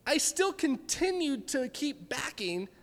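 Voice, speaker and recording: A man's voice: very high voice, very animated, slow, fairly bright tone. A young man giving a youth sermon, telling stories animatedly and acting out his own reactions. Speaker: youth pastor. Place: church hall with live audience. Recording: reverberant hall.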